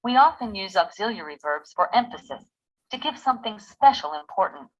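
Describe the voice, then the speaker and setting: A woman reading scripted English course narration in an even, instructive way. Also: medium pitch, fairly quick, highs cut off.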